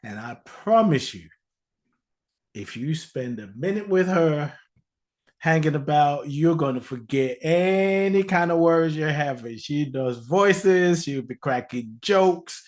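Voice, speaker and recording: Playful male host, slow delivery, higher register. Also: animated. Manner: playful, jokey, laughs often. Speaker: event host. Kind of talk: casual emcee introduction at live gathering. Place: live gathering room.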